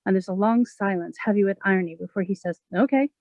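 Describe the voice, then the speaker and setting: A woman poet giving a measured, expressive reading of her own poems. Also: medium pitch, no room sound, lo-fi sound. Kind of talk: poetry reading.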